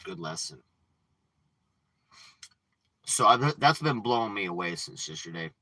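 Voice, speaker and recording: A man hosting a livestream, ranting and preaching with frequent swearing, dropping from low mutters to loud outbursts. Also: big pitch swings, measured pace, no room sound, rough recording. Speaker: livestream host.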